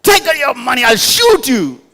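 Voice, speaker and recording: A man's voice: extremely high pitch, wildly swooping pitch, moderate pace, pushed and bright, pitched above the performer's own voice, full character voice. A man voicing a menacing male train robber who barks demands, in a reverberant hall. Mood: threatening. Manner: barking demands.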